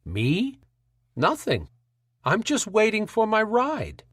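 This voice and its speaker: A man voicing a scheming middle-aged senator with a smooth New England accent and a patronizing manner. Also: mid-range voice, big pitch swings, moderate pace, no room sound, clean studio sound, close to an everyday voice. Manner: smooth, patronizing, slyly mocking.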